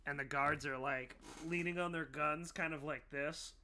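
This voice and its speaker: A man narrating a tabletop role-playing game as game master, laughing often and slipping into quick character voices. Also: fairly high pitch, fairly even intonation, sharp tone, slight background noise.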